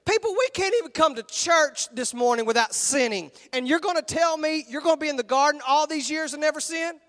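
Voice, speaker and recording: A Texan man preaches to a packed auditorium in a casual, lively way, slipping into little put-on voices. His voice sits unusually high for a man. The sound rings with a long hall reverb. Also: fairly quick. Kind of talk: sermon. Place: large church auditorium.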